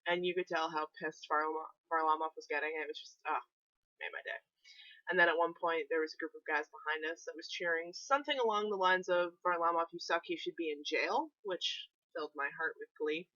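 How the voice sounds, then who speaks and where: A woman's voice: low voice, fairly quick, sharp tone, no room sound. A young woman vlogging in a casual, gushing and sarcastic way, swearing often. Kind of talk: casual chat. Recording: dry, dull lo-fi sound.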